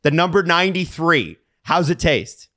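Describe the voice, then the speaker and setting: A man's voice: on the high side, animated, moderate pace, fairly bright tone, no room sound, clean studio sound. A man, co-hosting a casual podcast and leading with questions in a chatty way. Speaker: podcast co-host.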